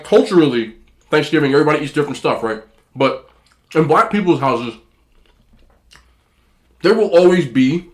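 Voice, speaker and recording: The voice belongs to a male food vlogger, pitched fairly high with a fairly bright, slightly nasal tone. He rambles chattily through a casual mukbang, talking between bites as he eats on camera.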